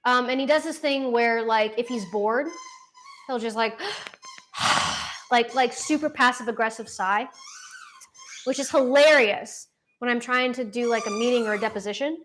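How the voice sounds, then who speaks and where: A woman's voice: on the high side, moderate pace, a bit bright, a little hiss or hum. A young woman chatting casually and rambling on a livestream from home, with lots of fillers and restarts. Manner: swears casually, self-deprecating humor. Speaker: livestream host. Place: at home with her dog. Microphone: laptop.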